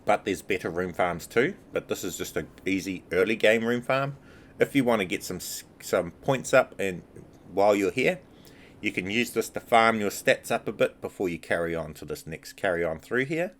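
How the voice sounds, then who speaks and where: Low-voiced man giving casual game commentary. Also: moderate pace, poor audio. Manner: relaxed, chatty, repeats filler words like "obviously". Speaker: game walkthrough narrator.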